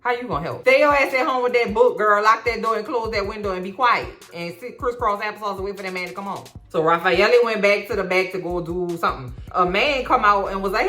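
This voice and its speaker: Woman in her 40s doing a sassy slangy tv recap, bright voice, kinda echoey room w faint music. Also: mid-range voice, quick pace, hardly any pauses. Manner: animated, sassy, slangy storytelling. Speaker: recap vlogger. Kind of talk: comedic TV recap.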